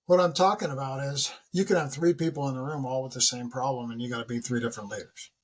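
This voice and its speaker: A man of about sixty, a retired military leader, talking as a podcast guest in a lively, storytelling way, often acting out what people say. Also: fast talker, slightly rough. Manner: animated storyteller who acts out dialogue with big pitch jumps. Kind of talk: casual interview conversation.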